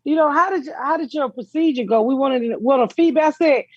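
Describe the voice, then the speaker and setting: A woman hosting a comedy podcast, telling a raunchy story in a loud, laughing, profane way. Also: sits high, fast, dry recording, lo-fi sound. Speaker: podcast host.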